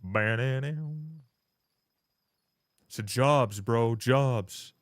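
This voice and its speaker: A man's voice: mid-range voice, moderate pace. Blunt, profane young man ranting on stream. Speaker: livestreamer. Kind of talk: casual live-stream rant to chat.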